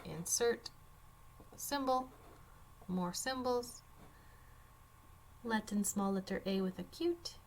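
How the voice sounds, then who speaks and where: Woman teacher, relaxed and unhurried, explaining a worksheet step by step with dry humor, faint background noise. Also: mid-range voice. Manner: casual, chatty, wry asides. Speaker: Spanish teacher. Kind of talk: screen-recorded worksheet walkthrough.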